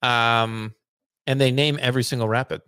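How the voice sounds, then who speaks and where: A man co-hosting a podcast in casual chat, ribbing his partner in a dry, deadpan way. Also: medium pitch, moderate pace, clear, resonant tone, no echo. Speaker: podcast co-host.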